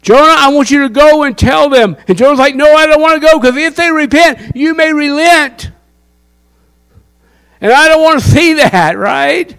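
Preacher guy, super high voice, fired up, keeps asking the crowd stuff. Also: moderate pace, creaky, a bit bright. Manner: impassioned, asks the crowd questions. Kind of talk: sermon.

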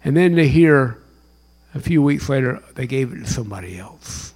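A chaplain with a medium-pitched, animated voice delivers a sermon at a moderate pace. He tells stories dramatically, breaking into sudden loud bursts and dropping to hushed whispers.

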